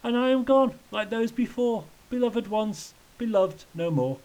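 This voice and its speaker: A man's voice: a little high, a little slow, darkish tone, rough recording. A man voicing a wretched, childlike male tramp who wails in sing-song rhymes for a storybook reading. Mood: wailing. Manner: sing-song rhyming wail.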